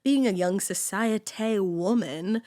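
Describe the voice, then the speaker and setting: A woman's voice: medium pitch, takes it slowly, dark tone. A young woman co-hosting a podcast, telling a true-crime story in casual chat with sarcastic asides and casual swearing.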